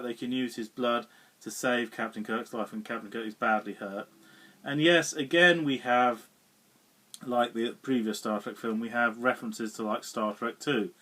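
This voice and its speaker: A man's voice: medium pitch, fairly bright tone, far from the mic. A man giving a casual spoken film review, rambling along with frequent chuckles, fillers and restarts.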